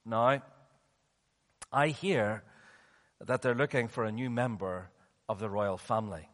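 A male preacher giving a sermon in a dramatic way, swinging between loud and hushed passages, heard with long hall reverb. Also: on the low side, measured pace.

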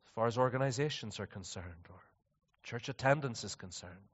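A man preaching a sermon, moving between quiet, reflective passages and loud, animated stretches. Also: medium pitch, a little fast, breathy edge. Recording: dull, slightly distant sound with long reverb.

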